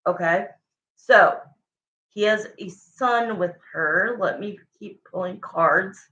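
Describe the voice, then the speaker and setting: A woman gives a live tarot reading, thinking aloud as she pulls cards and repeating her questions to them. Her mid-range voice is slow, pushed and bright, and the recording sounds roomy, dull and lo-fi.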